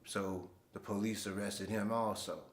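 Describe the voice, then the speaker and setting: A man's voice: lowish voice, steady tone, measured pace, echoey room. A man hosting his own show, telling stories in a laid-back, slangy way. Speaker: host. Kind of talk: casual storytelling monologue.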